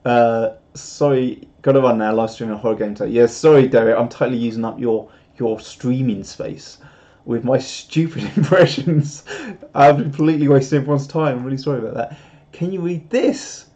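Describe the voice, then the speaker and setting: Self-mocking man, mellow voice. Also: medium pitch, moderate pace, highs cut off. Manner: rambling, self-mocking, laughs often. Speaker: streamer. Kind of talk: casual live-stream chat.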